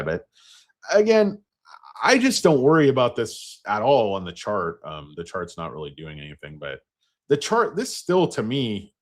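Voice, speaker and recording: A man hosting a casual, rambling stock market video with crude jokes. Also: fairly low pitch. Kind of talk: casual chat.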